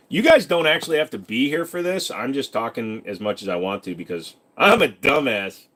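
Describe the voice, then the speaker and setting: A young man chatting casually on a live stream, reading viewers' questions and answering in loose, joking asides. His voice sits at an ordinary middle pitch for a man, and he wanders from one topic to the next. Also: very animated, a little fast, hardly any pauses, a bit bright. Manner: rambling, joking, reads chat questions aloud.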